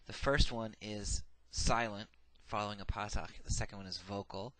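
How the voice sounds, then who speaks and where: A man's voice: fairly low pitch, fairly even intonation, moderate pace, a bit bright, no room sound. A man giving a recorded grammar lecture, methodical and patient, saying each form twice with frequent "uh" fillers. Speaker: Hebrew grammar teacher.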